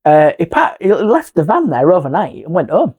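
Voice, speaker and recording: A man's voice: on the high side, normal speed, phone-quality sound, crowd noise. A middle-aged man, a paranormal investigator, telling a ghost story in casual chat and acting out the voices in it. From England. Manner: animated, acts out quoted voices, drops to a hush.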